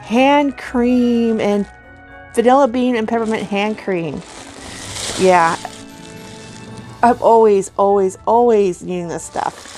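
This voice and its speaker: A middle-aged woman chatting casually as she unboxes giveaway gifts, gushing with excited oohs and soft gasps. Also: a little high, takes it slowly, pauses often, faint music behind. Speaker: vlogger unboxing a giveaway box.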